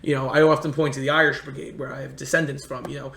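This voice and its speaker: A man's voice: mid-range voice, level tone, quick pace, vocal fry, fairly bright tone, slight background noise. A man from the United States telling rambling, earnest travel stories in a casual chat. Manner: earnest, rambling anecdotes with many restarts. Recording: echoey room.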